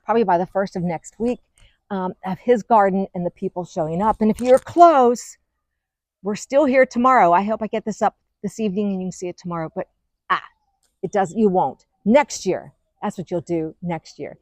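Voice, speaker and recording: A middle-aged woman hosting a gardening vlog, chatting excitedly as she walks through her outdoor garden. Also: mid-range voice, normal speed, no room sound. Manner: chatty, excitable, gushing over plants. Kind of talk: casual garden walk-through.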